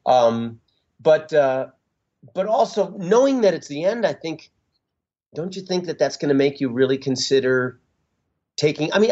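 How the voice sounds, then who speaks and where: A middle-aged man, a musician being interviewed, talking in a halting, reflective way with many fillers and restarts. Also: fairly high pitch, expressive, a little mellow. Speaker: musician guest. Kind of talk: casual interview talk. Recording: dull lo-fi sound.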